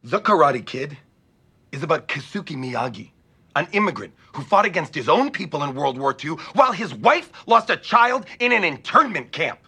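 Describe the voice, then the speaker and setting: A man's voice: on the high side, very animated, moderate pace, breathy edge, full character voice. An actor playing an abrasive male stage director who lectures and cuts people down, in a sitcom scene. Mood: scornful. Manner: lecturing, cutting, bursts into a yell. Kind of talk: sitcom acting.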